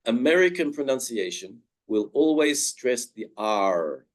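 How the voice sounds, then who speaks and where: A man teaches pronunciation at a slow, deliberate pace. His pitch swings widely as he draws out each example word. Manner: drawn-out example words with lively pitch. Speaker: webinar presenter on pronunciation. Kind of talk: slow, careful pronunciation lesson.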